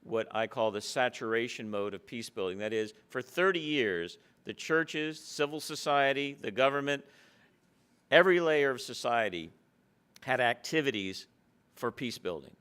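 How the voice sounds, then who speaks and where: A man's voice: mid-range voice, lively intonation, normal speed, fairly bright tone, smooth. A man giving a public lecture, mixing stories into his talk. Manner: anecdotal, storytelling.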